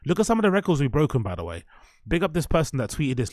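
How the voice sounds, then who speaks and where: A man hosting a live stream, ranting and swearing heavily about his football club, then calming down and muttering as he greets viewers. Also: on the high side, fast, dry recording, clean studio sound. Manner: subdued and muttering after the rant. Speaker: streamer and show host.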